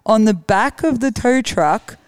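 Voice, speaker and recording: An Australian woman, a rally co-driver guest, telling lively stories, acting out other people's lines and laughing often. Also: a little high, a little slow, clean tone, no room sound. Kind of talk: animated storytelling.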